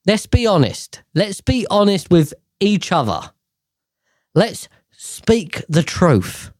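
Sarcastic, sweary, lively comic ranter. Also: mid-range voice, slow, no echo, studio quality. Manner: sarcastic, swearing, arguing with himself in back-and-forth. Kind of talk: comedic rant.

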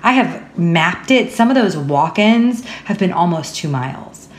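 A woman co-hosting a podcast in casual chat, bubbly and quick to laugh. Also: on the low side, animated, a little hiss or hum. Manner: bubbly, laughs often, chatty. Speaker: podcast co-host. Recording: roomy echo.

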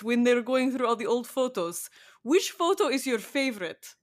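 A woman co-hosting a casual chat, playful and quick to laugh. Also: on the high side, lively intonation. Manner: playful, laughs often, acts out quotes. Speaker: podcast co-host.

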